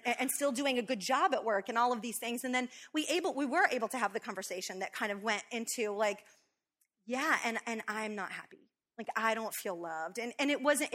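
A woman co-hosting a talk show with her husband, telling a personal story in a lively, quick way with many fillers. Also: fairly high pitch. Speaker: co-host, wife. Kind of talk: storytelling in casual chat.

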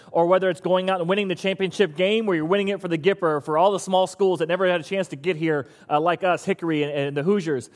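High-voiced man preaching a sermon. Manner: conversational and humorous, with lively bursts. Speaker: pastor.

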